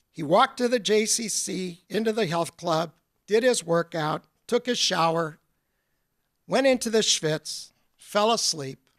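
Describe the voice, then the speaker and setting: High-voiced man telling stories. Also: a bit bright, dry recording, clean studio sound. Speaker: guest speaker. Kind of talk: storytelling lecture.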